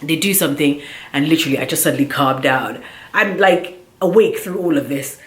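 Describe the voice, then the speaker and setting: A woman telling a personal story in a casual vlog, animated and chatty, with plenty of filler words. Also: sits low, brisk. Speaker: vlogger. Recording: roomy echo.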